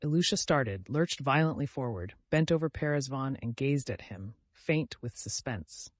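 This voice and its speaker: A man narrating a classic novel as an audiobook, in a measured storytelling manner. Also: medium pitch, animated, no room sound.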